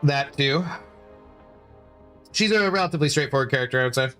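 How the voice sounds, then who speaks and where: A man's voice: medium pitch, animated, brisk, fairly bright tone, soft background music. A man chatting casually on a livestream, reading chat aloud and rambling playfully with many self-corrections.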